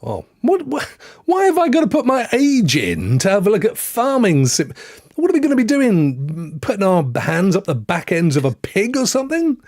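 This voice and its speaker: Lively, teasing West Country man in his fifties. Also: high-pitched, normal speed, no echo, clean studio sound. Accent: West Country English. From Devon, England. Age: 50s. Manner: teasing, jokey, cheeky. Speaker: podcast co-host. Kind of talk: casual banter.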